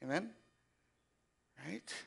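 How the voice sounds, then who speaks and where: A man preaching a sermon, moving between quiet, reflective passages and loud, impassioned exhortation, often asking the congregation to respond. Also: drawn-out words. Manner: asks the congregation for call-and-response. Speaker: pastor.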